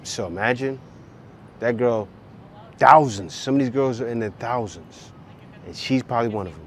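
A man's voice: medium pitch, normal speed, long pauses, a little hiss or hum. A man in his forties hosting, joking and commenting on clips in casual reaction talk. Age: 40s. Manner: joking, laughing, lively asides. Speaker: host reacting to videos.

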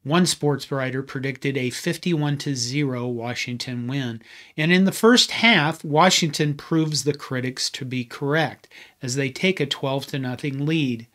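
A man's voice: mid-range voice, a bit bright. A man hosting a history channel, giving a scripted narration with conversational, wry asides.

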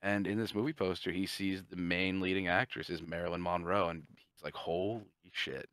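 A man co-hosting a podcast, casually pitching a movie plot in a rambling, profane way and briefly voicing the characters. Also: little pitch movement, a bit bright, clean tone, dry recording. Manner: profane, rambling, acts out characters' lines in quick asides. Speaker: podcast co-host.

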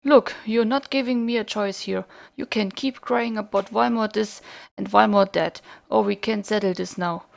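A woman's voice: medium pitch, fairly even intonation, moderate pace, gravelly. A woman with a German accent reading the lines of a flip, teasing young male mercenary in a game.

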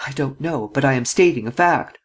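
A man's voice: mid-range voice, lively intonation, fairly quick, slightly rough. A man reading an audiobook and voicing a short-tempered chief detective who snaps out orders. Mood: curt. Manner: curt, commanding. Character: curt ill-tempered male chief detective.

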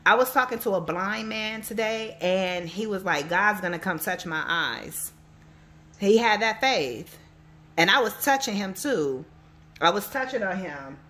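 A woman's voice: mid-range voice, unhurried. A woman who works as a psychic reader and life coach, talking casually and animatedly to her viewers and telling stories as she gives a reading. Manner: chatty, animated storytelling, addresses viewers directly.

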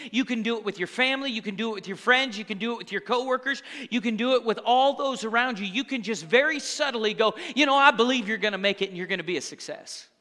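High, bright-voiced pastor preaching in a hall. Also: male voice. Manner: conversational preaching with call-and-response asides. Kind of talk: sermon. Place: church sanctuary.

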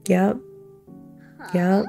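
A woman's voice: medium pitch, fairly even intonation, very slow, vocal fry, dark tone, soft background music. A young woman hosting a let's play, giving casual commentary that gushes and giggles over her game. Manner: gushing, giggly, playful.

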